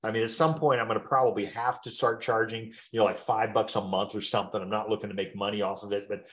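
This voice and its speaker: A man's voice: on the low side, fairly even intonation, fast, a bit bright, dull audio. A man in his sixties giving an informal training webinar, talking in a rambling, conversational way and checking in with tag questions. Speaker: webinar presenter.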